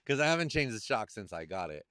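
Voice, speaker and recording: A man hosting a casual podcast chat, telling animated stories and swearing freely. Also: on the low side, fast, clean tone, no room sound, studio quality. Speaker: podcast host.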